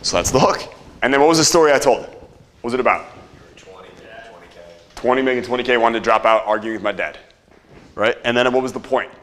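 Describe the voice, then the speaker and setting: A man's voice: mid-range voice, brisk, long pauses, a bit bright. A man teaching a live seminar audience, casual and profane, quizzing the crowd and having them repeat after him. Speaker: marketing seminar presenter.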